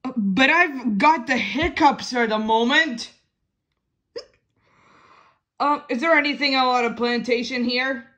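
A woman's voice: high voice, bright, forceful tone, full character voice. A woman voicing a flustered puppet who has the hiccups and keeps sighing and dithering in an amateur puppet show.

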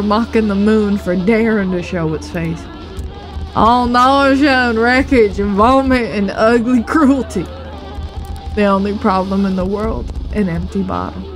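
A woman voicing a weary middle-aged man, a bitter former drunk, reading game dialogue aloud in a slow, brooding way. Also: mid-range voice, natural voice, poor audio.

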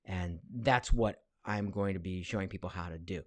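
A man's voice: deep voice, normal speed, no room sound. A man in his forties, a voice actor, chatting casually on a live stream from his home studio, reading viewer questions aloud with lots of fillers. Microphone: studio mic.

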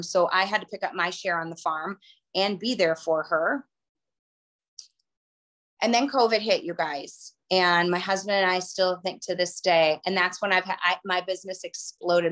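A woman's voice: lowish voice, fairly bright tone. A middle-aged woman telling her personal story to a group, chatty and emotional. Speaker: guest speaker.

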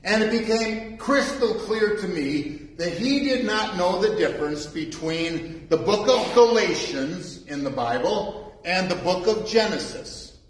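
A man's voice: high-pitched, animated, a little slow, hardly any pauses, reverberant, a little hiss or hum, rough recording. A man preaching a sermon as pastor after reading scripture, emphatic and repeating key phrases for weight. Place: church sanctuary.

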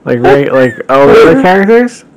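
A man's voice: mid-range voice, sing-song, fairly quick, low-quality recording. A man hosting a show, reading a story aloud with wry, amused commentary. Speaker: host.

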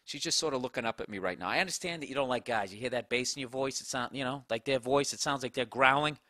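A man's voice: medium pitch, fast, pushed and bright, dry recording, clean studio sound. A man hosting a podcast, rambling through a profane comedic story and talking to his dog. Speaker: podcast host. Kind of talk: casual comedic monologue.

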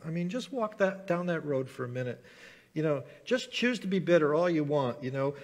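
Earnest pastor preaching on forgiveness. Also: male voice, a little high, lively intonation, moderate pace, big-room sound. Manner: earnest, acts out prayers and bitter inner voices. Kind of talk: sermon. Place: church sanctuary.

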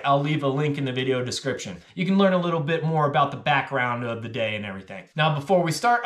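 A man's voice: on the high side, fairly bright tone, no echo. A man hosting his own fly fishing videos, talking in a casual, joking way and laughing often. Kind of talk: casual vlog narration and on-river banter.

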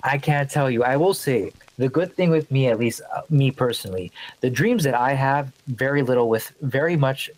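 A man in casual podcast chat, speaking in a relaxed, reflective way. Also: mid-range voice, normal speed, few pauses, low-quality recording.

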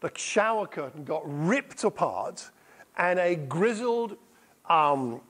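Middle-aged male preacher, somewhat high pitch, energetic storyteller. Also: slow pace. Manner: lively storytelling, repeats answers back. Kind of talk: sermon with audience questions. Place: church hall.

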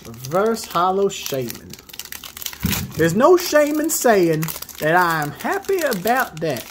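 A man hosting a video where he opens trading card packs, reading off each card and breaking into excited high exclamations at the good ones. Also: slow, a little hiss or hum. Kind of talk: casual pack-opening commentary.

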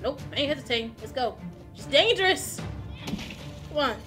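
Woman, very high voice, lively swooping pitch, excitable let's-play commentary, slangy and cursing, loud game music underneath. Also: moderate pace. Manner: casual, slangy banter with game characters. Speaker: gaming channel host.

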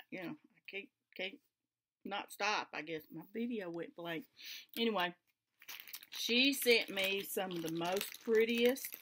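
A woman's voice: on the high side, bright, forceful tone. A woman with a Southern US accent chatting casually to camera from her home craft room, homey and enthusiastic. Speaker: flosstube vlogger.

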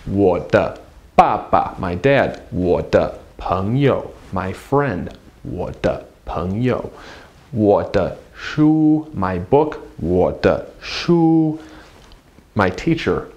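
A man teaching a beginner language lesson in an upbeat way, drilling words slowly and repeating each one. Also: low-pitched, animated, darkish tone, lo-fi sound. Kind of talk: classroom-style language lesson.

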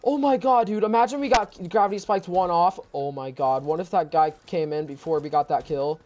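A man giving excited gameplay commentary as a gaming YouTuber, stumbling over his words and repeating exclamations in disbelief. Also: fairly high pitch, fairly quick, slight background noise.

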